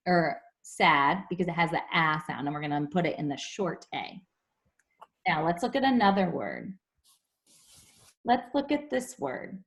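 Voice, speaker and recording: Woman teaching phonics to young kids. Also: fairly low pitch. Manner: slow, clear teacherly explanations to young children. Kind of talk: online class phonics lesson. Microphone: video call.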